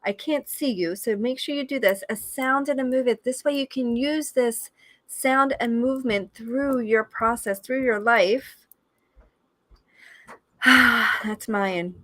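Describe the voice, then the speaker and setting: A woman's voice: slow pace, a bit bright, no room sound. A woman life coach leading a live-streamed guided session, coaxing listeners through an exercise and breaking into enthusiastic cheers. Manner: enthusiastic, bursts into high whoops and cheers.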